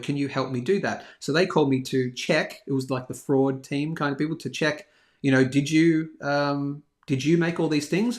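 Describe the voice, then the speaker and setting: A man hosting a live stream, casually telling a rambling, self-deprecating story. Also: fairly high pitch. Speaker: host of a daily live bullion show. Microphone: live stream over a phone hotspot.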